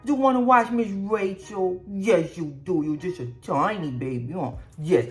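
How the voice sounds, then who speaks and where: A woman putting on a cooing woman baby-talking to a fussy child, drawn-out and sing-song. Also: fairly low pitch, faint music behind, lightly acted.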